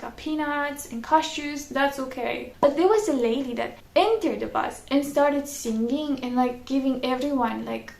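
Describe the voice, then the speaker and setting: Brief: young woman vlogger, high gravelly voice, chatty storyteller, echoey room. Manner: chatty, laughing often, frequent "like" fillers. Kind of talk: casual storytelling.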